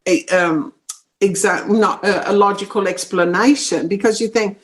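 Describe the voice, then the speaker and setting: A woman's voice: mid-range voice, normal speed. A woman guest on an interview, a psychic medium who speaks bluntly and firmly and explains steadily in everyday phrases. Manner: blunt and firm. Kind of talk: interview conversation.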